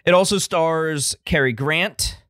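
A man's voice: on the high side, slow, fairly bright tone, no echo, studio quality. A man hosting a casual film-review podcast, rambling through tangents with restarts and obvious enthusiasm. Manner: rambling, digressive, many restarts; enthusiastic about old films. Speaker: podcast host.

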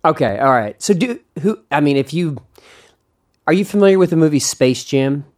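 A man's voice: fairly high pitch, expressive, moderate pace, a little mellow. A young man hosting a podcast in casual chat, eager and rambling, often restarting his sentences and laughing along. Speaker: podcast host.

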